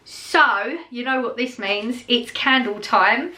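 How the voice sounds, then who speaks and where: A woman's voice: a little high, takes it slowly, sharp tone, slight background noise. A middle-aged woman, chatting casually to camera in a rambling way, with many fillers and restarts. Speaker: vlogger.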